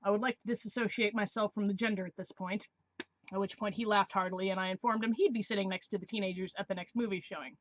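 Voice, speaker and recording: A woman's voice: medium pitch, steady tone, quick pace, muffled recording, a little hiss or hum. A woman in her twenties, a vlogger telling a story in a sarcastic, exasperated way. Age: 20s. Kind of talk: casual storytelling review.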